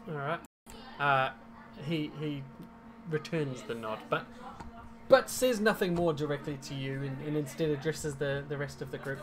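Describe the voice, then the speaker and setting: A man's voice: on the high side, normal speed, a bit bright. Rambling man running a tabletop game. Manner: rambling, self-correcting, with frequent ums. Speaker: game master.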